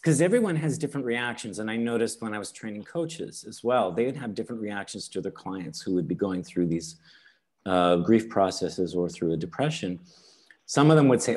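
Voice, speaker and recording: A man giving a teaching webinar over a video call, unhurried, often checking in with "all right?" and "okay?". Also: fairly low pitch, expressive, a little mellow. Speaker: webinar presenter.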